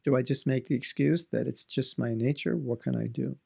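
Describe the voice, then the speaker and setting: A man's voice: medium pitch, steady tone, moderate pace, gravelly, over loud music. A man giving a devotional talk in an earnest, conversational way, asking his listeners rhetorical questions. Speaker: spiritual teacher.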